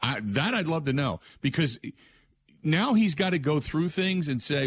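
Male sports radio host, animated rhetorical monologue, close dry studio mic. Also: on the high side, moderate pace, no room sound. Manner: animated and rhetorical, mocking the answers he expects.

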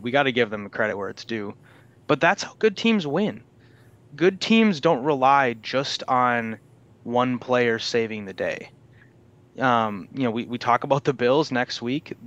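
Man, sports podcast co-host, smooth resonant voice, measured analysis, dull lo-fi mic. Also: mid-range voice, fairly bright tone. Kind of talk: casual sports chat.

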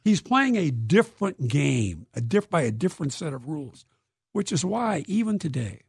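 A man, an author being interviewed, telling stories in a lively, dramatic way and acting out quotes. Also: on the high side, normal speed, creaky, slightly rough, no room sound, clean studio sound. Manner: lively, dramatic storyteller who acts out quotes. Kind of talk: animated interview storytelling.

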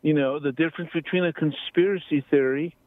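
A man's voice: a little high, steady tone. Friendly male caller on a tinny phone line. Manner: friendly, halting, slow with fillers.

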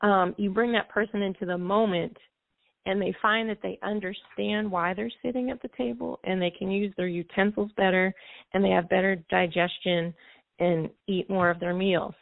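A woman's voice: mid-range voice, fairly even intonation, normal speed, gravelly, no echo. A woman music therapist, a guest on a call-in radio show, explaining in detail and now and then singing bits of songs to illustrate. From United States. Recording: tinny phone line, dry.

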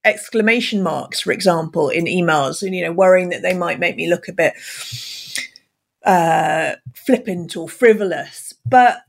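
A woman who works as an email communication expert, speaking as a podcast guest with energy, expressive and full of ums. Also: fairly low pitch, measured pace, creaky. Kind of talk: casual podcast interview.

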